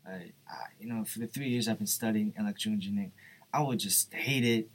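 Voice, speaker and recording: A man's voice: on the low side, fast talker, slightly rough. A young man giving an earnest, informal devotional talk, often asking "right?" and "you know". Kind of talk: informal sermon.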